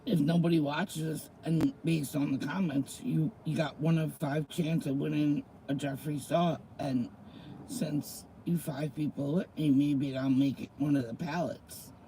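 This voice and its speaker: Middle-aged man, livestream host, casual chat, unhurried, slightly high voice, greets viewers, reads slang aloud. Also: steady tone, mellow, slight background noise, rough recording.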